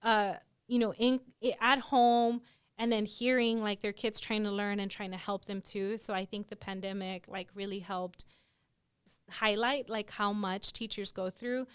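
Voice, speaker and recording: A young adult woman co-hosting a podcast, talking in an animated, chatty way with lots of "like" fillers. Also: medium pitch, normal speed, clean tone. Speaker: podcast co-host. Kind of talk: casual conversational chat.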